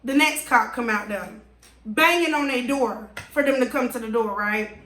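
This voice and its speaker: A woman vlogger telling an animated, exasperated story to her viewers. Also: fairly high pitch, normal speed. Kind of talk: storytime vlog. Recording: roomy echo.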